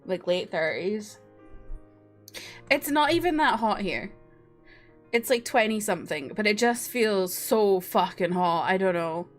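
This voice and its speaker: Speaking from her home room, this young streamer from Scotland chats casually with her livestream audience, breaking into laughter and the odd swear word. Her mid-range voice is expressive and a little slow, with long pauses and faint music behind it.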